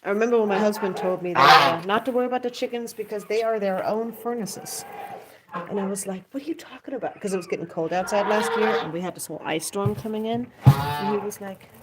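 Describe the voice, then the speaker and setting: A woman's voice: medium pitch, brisk, very noisy. A woman in her thirties chatting casually while she puts her backyard birds to bed, rambling and stopping to coo at them. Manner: rambling, stops to coo bedtime words at the birds. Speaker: pet goose vlogger. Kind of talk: casual chat while doing evening chores. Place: outdoors by a backyard coop.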